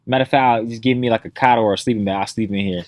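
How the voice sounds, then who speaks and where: A man in his middle range of pitch, telling stories with lots of acted-out voices and loose swearing. The sound is dry and close, with no room behind it. It comes across as relaxed podcast banter among friends. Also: very fast, no room sound. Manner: animated storyteller, acts out quotes, swears freely. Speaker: podcast co-host. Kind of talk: casual chat.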